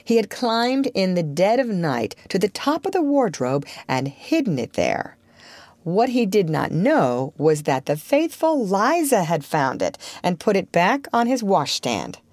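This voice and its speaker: A woman reading a classic children's book aloud in a lively, expressive storytelling manner. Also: medium pitch, a little slow, no room sound.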